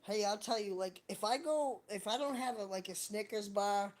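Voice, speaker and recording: A woman with a medium-pitched voice chats casually on a livestream at a moderate pace. She rambles, jokes and swears a lot, profane and jokey throughout.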